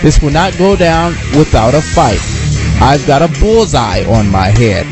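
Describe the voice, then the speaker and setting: A man reading wrestling news in a brisk, announcer-like scripted style. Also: on the high side, big pitch swings. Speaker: news reader. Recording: news segment over music.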